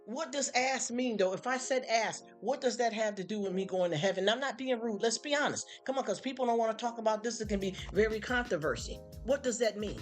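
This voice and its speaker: A woman's voice: on the high side, a little fast, hardly any pauses, soft background music. A woman hosting a live stream, venting bluntly to her chat and mocking people with put-on voices. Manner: blunt, fired-up, mocking impressions.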